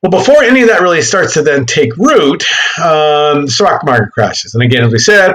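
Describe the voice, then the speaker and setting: Lively man teaching history. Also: a little high, moderate pace, poor audio. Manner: animated, joking asides, self-corrects. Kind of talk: classroom history lecture.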